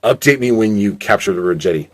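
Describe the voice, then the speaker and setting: A man's voice: fairly low pitch, lively intonation, quick pace, lightly acted. A man voicing an impatient, grumpy male crime boss who talks in a curt, irritated way.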